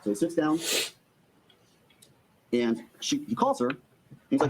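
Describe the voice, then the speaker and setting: A man delivering a prosecutor's opening statement in court, laying out evidence to a jury and briskly acting out the quoted dialogue. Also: fairly high pitch, very animated, heavy background noise.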